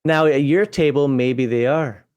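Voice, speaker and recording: A man's voice: mid-range voice, unhurried, darkish tone, clean tone. An American man co-hosting a casual game-book chat, reading viewer questions and arguing over pronunciation. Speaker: podcast co-host.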